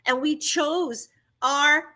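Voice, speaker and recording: A woman's voice: high voice, steady tone, very slow, sharp tone. A woman telling her own story in casual chat, emphatic and exclaiming at times.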